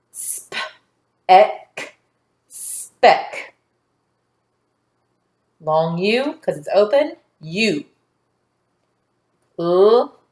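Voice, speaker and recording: A woman teaching a phonics lesson to young children, patient and sounding out word parts slowly. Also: mid-range voice. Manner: slow, patient, stretching out sounds. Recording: echoey room.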